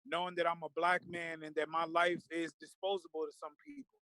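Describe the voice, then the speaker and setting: A man's voice: on the high side, steady tone, fairly quick, sharp tone, no echo, rough recording. A man speaking earnestly and with feeling in a casual discussion, with many fillers and restarts. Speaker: guest.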